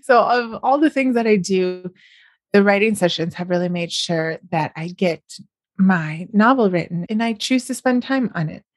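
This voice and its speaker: A woman's voice: mid-range voice, moderate pace, no echo, clean studio sound. A middle-aged woman, chatting on her podcast in a casual, upbeat way and often smiling as she talks. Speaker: podcast host and novelist. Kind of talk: casual solo podcast chat.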